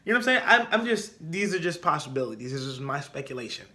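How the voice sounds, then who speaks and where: A young man hosting a casual solo podcast, giving opinionated and animated commentary and repeating his points for emphasis. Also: on the high side, quick pace. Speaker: podcast host.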